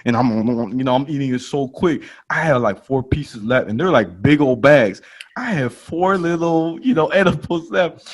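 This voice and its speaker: A male podcast host telling a comic story in casual slangy talk, laughing along and jumping to loud exclaims when he quotes himself. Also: mid-range voice, moderate pace, husky. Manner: animated, jumps to loud exclaims in quoted lines.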